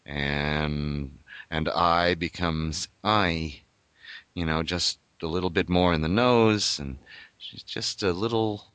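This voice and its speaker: A man's voice: a bass voice, fairly bright tone, smooth, dry recording. An older man, a voice actor, talking thoughtfully and explaining his craft in an interview. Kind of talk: reflective interview talk.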